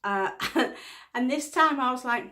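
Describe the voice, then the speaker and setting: A woman's voice: high voice, unhurried, sharp tone. A middle-aged woman, telling a story in a casual vlog, laughing often and acting out the lines of a conversation. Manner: chatty storytelling, laughs often, acts out dialogue. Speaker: vlogger. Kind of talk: casual chat.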